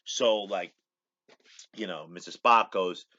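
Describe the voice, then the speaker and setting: Guy rambling thru an episode recap, bright tense voice, kinda dull lo-fi sound. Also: deep voice, slow pace. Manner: rambling, repeats "he goes" constantly. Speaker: show host.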